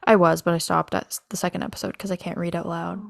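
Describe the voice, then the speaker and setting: A young woman co-hosting a casual podcast, talking with a gravelly edge in a lowish voice. She gushes like an excited fan. The sound is close and dry. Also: quick pace, dry recording. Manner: giggly, gushing fan talk. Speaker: podcast co-host. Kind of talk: casual chat.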